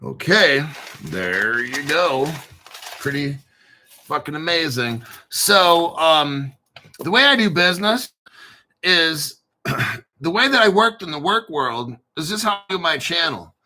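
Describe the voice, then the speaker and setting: On his crypto channel, a man talks off the cuff in an unscripted livestream, blunt and boastful and full of swearing. His voice is a little high with big pitch swings, pushed and bright, and he speaks at a slow pace.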